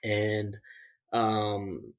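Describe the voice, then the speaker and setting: A man's voice: lowish voice, completely flat delivery, extremely slow. A man, a survival instructor, casually telling a story on a podcast, with many fillers and restarts and laughing at the funny parts. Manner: laughs through funny moments.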